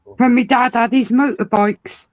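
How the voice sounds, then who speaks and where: A woman's voice: on the high side, measured pace, dry recording. Woman chatting in a dry, close voice. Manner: relaxed, brief agreeing replies. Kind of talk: casual chat.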